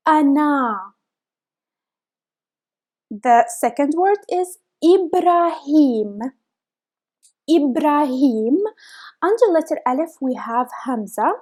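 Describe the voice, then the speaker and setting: Young female teacher, high voice, slow and patient, breaks words into single sounds. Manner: spells sounds out letter by letter, repeats words slowly. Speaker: language teacher. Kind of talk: slow, careful lesson.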